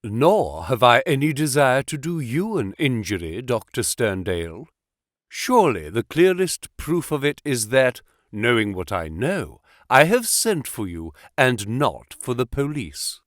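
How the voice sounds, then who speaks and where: Man doing a cool confident detective, crisp and precise, lively lilt. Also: mid-range voice, unhurried, no echo, clean studio sound. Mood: calm, assured. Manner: crisp, precise, calmly insistent. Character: cool, commanding male detective, calm and assured.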